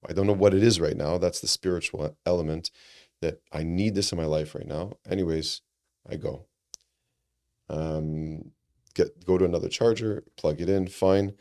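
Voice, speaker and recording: Deep-voiced man telling a heartfelt story. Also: normal speed. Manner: animated, acts out quoted dialogue, frequent restarts; earnest and reflective. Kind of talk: conversational storytelling.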